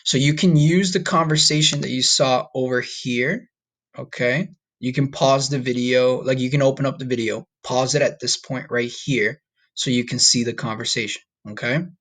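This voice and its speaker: A man's voice: medium pitch, steady tone, a bit bright. A man teaching a recorded online Spanish lesson in a casual way, often checking in with "okay?" and "all right?". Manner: slow, drawn-out modeling of Spanish words.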